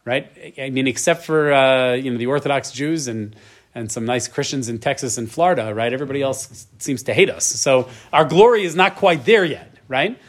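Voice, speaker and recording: In a mid-range voice at normal speed, a man leads a Torah class as a conversational lecture. He keeps checking in with "right?" after many points and works his way toward emotional emphasis.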